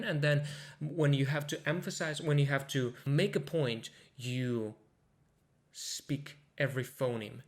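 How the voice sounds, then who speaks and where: A man giving a casual pronunciation lesson, demonstrating words slowly and with emphasis. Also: on the high side. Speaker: pronunciation teacher.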